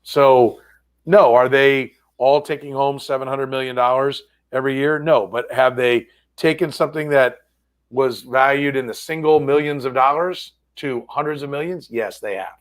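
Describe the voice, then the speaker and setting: A man's voice: medium pitch, steady tone, normal speed. A man hosting a sports podcast, chatting casually and rambling through stories with many restarts. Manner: rambling, self-correcting storyteller. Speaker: sports radio host. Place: studio.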